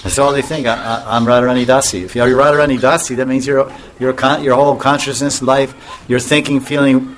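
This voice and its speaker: A spiritual teacher gives a casual devotional talk in a medium-pitched male voice with a faint hiss or hum. He chuckles often, restarts his sentences, and acts out little scenes in different voices during his anecdotes.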